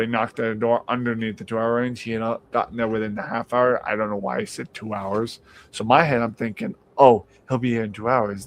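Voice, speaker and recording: Profane, animated male storyteller. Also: medium pitch, a little hiss or hum. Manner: animated, profane, acts out quoted voices. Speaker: podcast host. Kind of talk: casual storytelling on a live stream.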